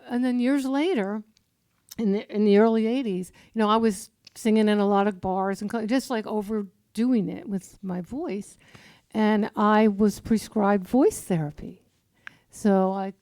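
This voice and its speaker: A woman in her sixties, a minister giving an animated, storytelling sermon in a church that breaks into song. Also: mid-range voice, dry recording, clean studio sound. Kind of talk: sermon with songs. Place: church sanctuary.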